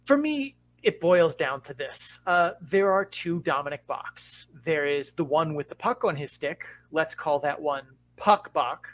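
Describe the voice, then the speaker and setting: A man co-hosting a podcast, calmly explaining hockey tactics with measured, deliberate emphasis. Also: fairly high pitch, poor audio. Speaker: podcast co-host, hockey analyst. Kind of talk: casual podcast analysis.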